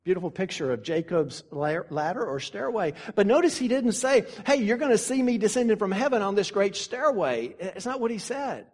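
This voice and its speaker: A pastor preaching a sermon earnestly, slowing down to stress key phrases and pausing for effect. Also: male voice, sits high, expressive, a little mellow, long reverb tail. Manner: earnest preaching with dramatic pauses and slow emphasis.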